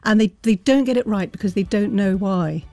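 A woman's voice: medium pitch, moderate pace, warm tone, no room sound, faint music behind. A woman author speaking as a guest in a radio discussion, explaining with enthusiasm. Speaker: author and cultural commentator. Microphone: studio mic.

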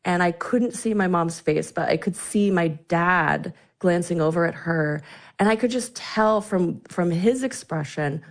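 Interviewed on the radio, an author in her forties shares a personal family story in a reflective, sincere way, frequently starting her sentences over. She speaks at a measured pace in a lower-leaning voice.

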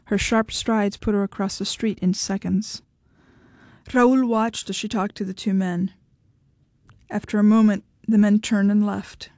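Brief: measured female storyteller, mellow warm tone, dry close mic. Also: mid-range voice, steady tone, no echo. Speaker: narrator. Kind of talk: audiobook reading of literary fiction.

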